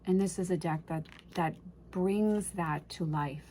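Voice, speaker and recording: A woman's voice: fairly low pitch, a little slow, warm tone, a little hiss or hum. A woman casually unboxing and reviewing an oracle deck, gushing and emotional, often trailing off and restarting her sentences.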